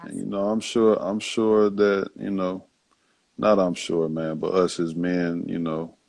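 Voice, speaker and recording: A man hosting, answering in a halting, reflective way with many fillers and restarts. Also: low-pitched, level tone, vocal fry, darkish tone, dry recording. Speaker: host. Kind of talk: casual reflective talk.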